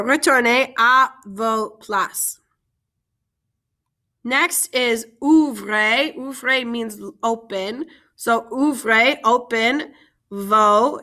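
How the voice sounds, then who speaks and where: A woman's voice: a little high, bright, forceful tone. A woman French teacher giving a vocabulary lesson, carefully modeling each French phrase and then explaining it in English.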